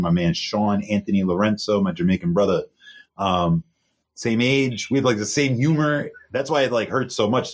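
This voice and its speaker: A young man co-hosting a podcast in casual news chat, earnest and repeating himself for emphasis. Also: deep voice. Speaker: podcast co-host.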